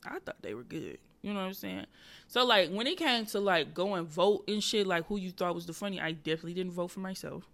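Woman, young adult, podcast host, comedian, bright tone, casual profane storytelling. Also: on the low side, a little fast, gravelly. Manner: animated, profane, confessional.

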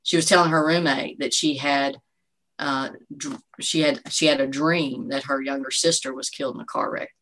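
A woman's voice: extremely low pitch, steady tone, moderate pace, fairly bright tone, poor audio. A woman in her forties giving an earnest, faith-filled personal testimony as an interview guest, telling her story with frequent "you know". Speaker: guest, bereaved mother.

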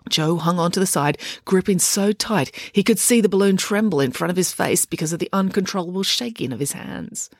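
Expressive woman narrating a children's story. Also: lowish voice, brisk, hardly any pauses, dry recording, studio quality. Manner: lively, expressive reading. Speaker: audiobook reader.

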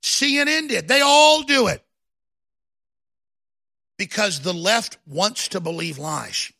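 A man hosting a talk show, delivering a combative political rant that builds into shouting. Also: high voice, animated, slow, creaky.

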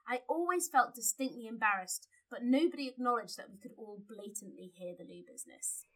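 A woman co-hosting a casual podcast and reading a story aloud, wry and expressive. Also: a little high, fairly quick, low-quality recording. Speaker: podcast co-host.

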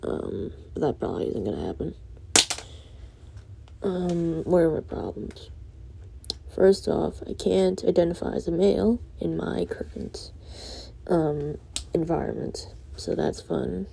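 A drowsy young woman ranting late at night, rambling and swearing with soft laughs breaking in. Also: lowish voice, animated, a little slow, vocal fry, long pauses, slightly rough. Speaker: vlogger.

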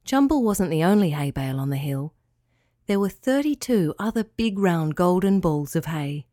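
A woman reading a children's story aloud, in a calm, clear and expressive way. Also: fairly low pitch, normal speed, no echo, clean studio sound.

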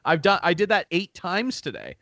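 A man's voice: sits high, wildly swooping pitch, moderate pace, pushed and bright, dry recording. A man co-hosting a podcast, telling a story in casual, profane chat over a remote call. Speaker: podcast co-host. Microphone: remote call mic.

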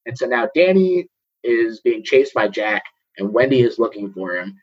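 Man, podcast host, very breathy husky voice, jokey, laughing a lot, dull lo-fi sound. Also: medium pitch, very animated, moderate pace. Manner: jokey, laughs often mid-sentence. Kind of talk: casual movie recap chat. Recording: dull lo-fi recording.

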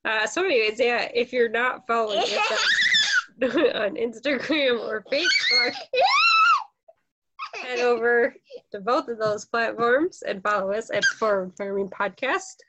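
A woman's voice: on the high side, expressive, measured pace, raised voice, highs cut off, very noisy. A woman co-hosting a podcast in casual chat, talking loosely and laughing often. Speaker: podcast co-host.

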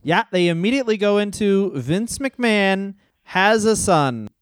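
A man's voice: high-pitched, lively intonation, unhurried, clean tone. A man co-hosting a comedy podcast, recounting stories in casual chat on a close podcast mic. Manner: storytelling, laughs easily. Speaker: podcast co-host.

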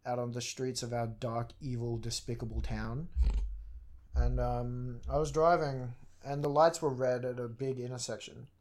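A young man co-hosting a podcast, telling stories in casual chat with lively, sweary delivery. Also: medium pitch, normal speed. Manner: animated storytelling with swearing. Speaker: podcast co-host.

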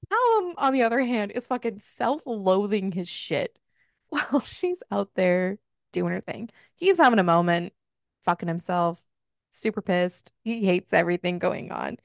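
A woman's voice: medium pitch, animated, a little slow, creaky, dry recording, studio quality. A woman hosting a book club podcast, recapping a novel in casual, frank and profane chat, laughing often.

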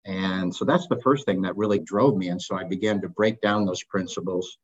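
A man's voice: sits low, fairly quick, slightly rough. A man speaking as an interview guest in casual talk, earnest and emphatic, often posing questions. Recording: dull lo-fi audio.

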